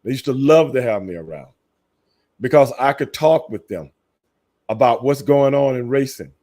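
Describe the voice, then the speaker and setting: Animated Texan man telling stories. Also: normal speed. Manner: animated storyteller, laughs often, jumps into high excited bursts. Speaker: podcast host. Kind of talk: casual chat.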